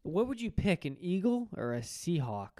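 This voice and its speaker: A man's voice: high-pitched, big pitch swings, moderate pace, dark tone, no echo, studio quality. A man co-hosting a podcast, joking and teasing his friends in casual sports banter. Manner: playful, teasing. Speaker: podcast co-host. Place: indoor podcast studio.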